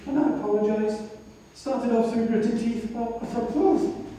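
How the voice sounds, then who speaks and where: A woman missionary gives a reflective sermon drawn from her own story. Her voice is warm and fairly even in tone. She sounds distant from the mic, in a hall with a long, roomy echo. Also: on the high side, normal speed, slight background noise. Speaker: missionary speaker. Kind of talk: sermon with personal testimony. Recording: echoey hall from far off.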